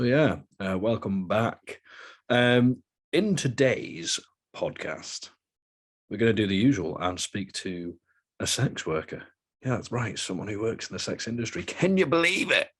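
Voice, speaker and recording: A man's voice: on the low side, measured pace. Chatty man hosting a podcast. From Britain. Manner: chatty, self-mocking, animated. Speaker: podcast host. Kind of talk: casual podcast intro.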